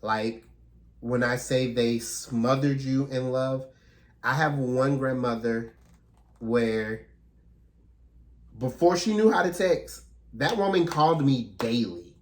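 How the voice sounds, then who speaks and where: A man's voice: mid-range voice, takes it slowly, pauses often. A man talking earnestly and reflectively in a casual, heartfelt conversation as a podcast co-host.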